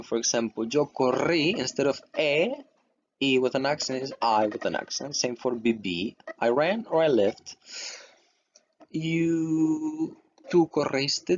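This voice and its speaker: A man teaching grammar over slides, explaining patiently and checking in with "okay" as he goes. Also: mid-range voice. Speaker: Spanish teacher. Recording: dull lo-fi voice recording with faint noise.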